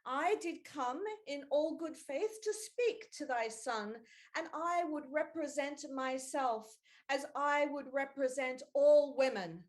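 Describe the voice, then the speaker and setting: A woman's voice: high voice, slow pace. A woman improvising as a bold suffragette lady, declaiming in mock-Shakespearean speech. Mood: indignant. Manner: declamatory, old-fashioned speech with thee and thou. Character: bold young suffragette lady, earnest and rousing. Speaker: improv stage actor.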